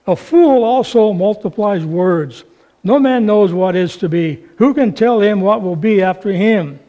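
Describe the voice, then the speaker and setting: A man preaching a sermon, with slow, emphatic, drawn-out phrasing. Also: sits high, animated, dark tone, highs cut off.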